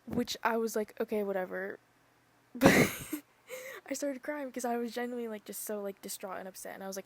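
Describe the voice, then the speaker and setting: A woman's voice: mid-range voice, fairly even intonation, brisk, vocal fry. A young woman hosting her own podcast, chatting casually and rambling with lots of "like" and "literally". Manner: rambling, full of "like" and "literally", drifting soft. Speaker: podcast host. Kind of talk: casual chat.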